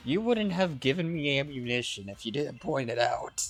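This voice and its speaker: A man's voice: mid-range voice, lively intonation, normal speed, gravelly, soft background music. A man live-streaming a game, chatting casually with viewers in a playful, melodramatic, teasing way. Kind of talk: casual gaming stream chat.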